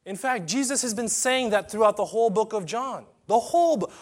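A male pastor preaching a dramatic sermon, swinging from loud declarations to quiet asides. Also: high-pitched, a little fast.

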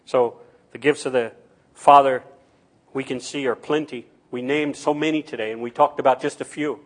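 A man preaching a sermon as pastor, swinging between loud emphatic calls and soft, intimate passages. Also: mid-range voice, steady tone, normal speed.

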